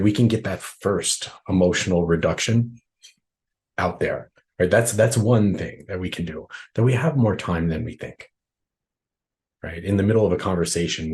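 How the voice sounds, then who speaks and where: Deep-voiced man explaining on a video call. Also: darkish tone. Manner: conversational, explains with frequent "right?" tags. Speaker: workshop trainer. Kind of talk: live online workshop Q&A.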